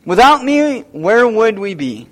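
A man voicing a proud, weary prophet who complains rapidly and boasts of being the only one left. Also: high-pitched, very animated, pitched above the performer's own voice, heavily acted, rough recording. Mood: self-pitying boast. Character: proud weary male prophet, self-pitying.

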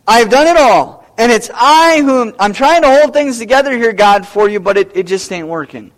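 Man playing a self-pitying older prophet, boastful and hurried, high-pitched rant. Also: expressive, rough recording. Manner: rapid, boastful complaining. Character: proud weary male prophet, self-pitying.

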